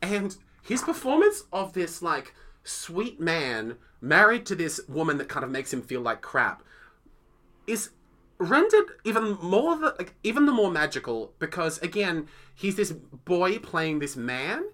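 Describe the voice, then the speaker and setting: Young aussie guy rambling on a podcast, says like constantly, very animated. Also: high-pitched, unhurried. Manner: rambling, gushing, filler-heavy with lots of "like". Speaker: podcast co-host. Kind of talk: casual chat, theatre review.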